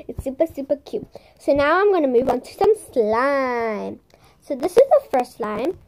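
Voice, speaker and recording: A young woman with a high, bright-sounding voice chats through a casual show-and-tell of toys. She is bubbly and playful, slips into soft whispers for ASMR moments, and makes silly sound effects. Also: animated, unhurried, noisy background. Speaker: vlogger showing squishies and slime.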